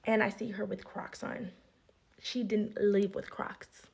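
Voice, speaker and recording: A woman's voice: mid-range voice, unhurried, gravelly, husky. A young woman telling a heated storytime rant, acting out what each person said. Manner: animated, acts out each person's lines.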